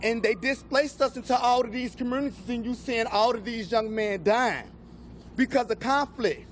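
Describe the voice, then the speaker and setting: A young man from Chicago speaks as a student activist, his voice pitched very high for a man. He talks with passionate, emphatic force in front of cameras. Faint background noise sits under the recording. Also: moderate pace. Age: young adult. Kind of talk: speech at a press gathering.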